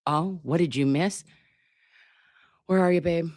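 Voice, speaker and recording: A woman's voice: fairly low pitch, a little slow, no room sound, clean studio sound. A woman hosting a casual live stream, chatting to her viewers in a playful, teasing and profane way. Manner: animated, swooping delivery.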